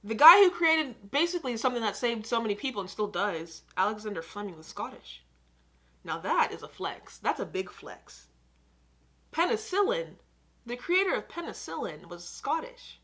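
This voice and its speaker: A woman's voice: fairly high pitch, very animated, moderate pace, a bit bright. An American woman hosting a reaction video, chatting casually and giving her opinions aloud. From United States.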